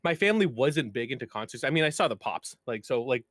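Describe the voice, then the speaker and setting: A man's voice: medium pitch, lively intonation, fast, a bit bright, no room sound, clean studio sound. A man co-hosting a casual video game podcast, chatty and rambling, with frequent laughs. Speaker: podcast co-host. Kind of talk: casual chat.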